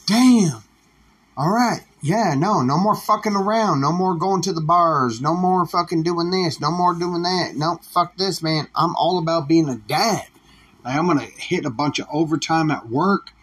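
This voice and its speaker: A man's voice: on the high side, husky. A man voicing a thrilled young man who is about to become a father, swearing as he makes big promises. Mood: elated. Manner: excited, swearing, rapid resolutions.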